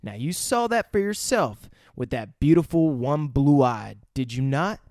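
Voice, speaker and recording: A man reciting a film villain's speech in a slow, measured, calm voice. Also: medium pitch, dry recording, studio quality. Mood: menacing. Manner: slow, measured, drawn-out delivery. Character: calm, menacing male crime boss.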